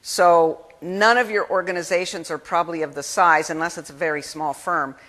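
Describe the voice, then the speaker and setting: A woman giving an energetic keynote speech at a conference, talking in a lively, conversational way and acting out the people she quotes. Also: fairly low pitch, normal speed. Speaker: keynote speaker. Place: conference hall. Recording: long hall reverb.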